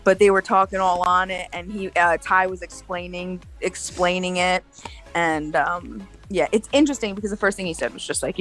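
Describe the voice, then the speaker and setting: Lowish chatty woman, rambling story, laughs a lot, faint music behind. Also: normal speed, a bit bright. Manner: chatty, retells stories with quoted voices, laughs often. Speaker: streamer chatting with friends. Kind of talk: casual chat.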